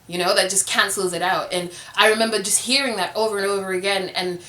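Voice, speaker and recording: A woman's voice: mid-range voice, steady tone, fast talker, sharp tone, echoey room. Candid young woman telling a story. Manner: candid, conversational, many "like" fillers. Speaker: vlogger. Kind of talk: personal storytelling to camera.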